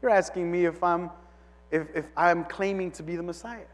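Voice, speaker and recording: Humble quiet prophet guy, preacher doing the voice, soft, lots of hall echo. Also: high-pitched, fairly even intonation, moderate pace, pitched below the performer's own voice, close to an everyday voice. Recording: long reverb of a large hall.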